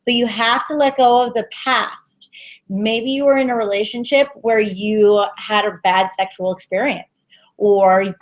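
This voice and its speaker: A woman giving an intuitive tarot reading on a web show, soft and halting, with many fillers. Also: medium pitch, steady tone. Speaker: tarot reader.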